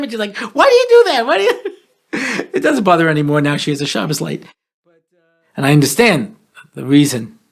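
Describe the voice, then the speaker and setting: A man in his sixties hosting a talk show, telling jokes and stories with deadpan punchlines. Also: a little high, gravelly. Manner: joking, deadpan punchlines, playful storytelling. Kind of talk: comedic talk show monologue.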